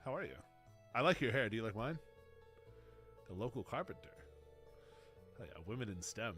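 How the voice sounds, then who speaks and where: A young man commentating his gameplay in a loose, animated way, joking and talking back to the screen. His voice sits in a middle pitch, and faint game music plays behind him. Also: normal speed. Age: young adult. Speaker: streamer.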